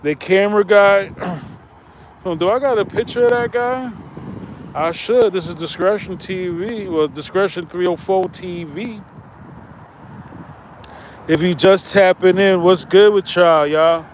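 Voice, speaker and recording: A man's voice: high-pitched, unhurried, pauses often, slight background noise. A man hosting his own channel, talking casually in street slang, rambling and repeating himself as he tells stories. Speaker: channel host. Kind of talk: casual livestream commentary. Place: outdoors near traffic.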